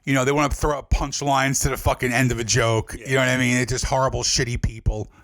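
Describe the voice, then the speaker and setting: A man's voice: mid-range voice, flat delivery, fast, fairly bright tone. A man, a comedian guest, telling brash, profane stage stories in casual podcast chat and acting out the voices he quotes.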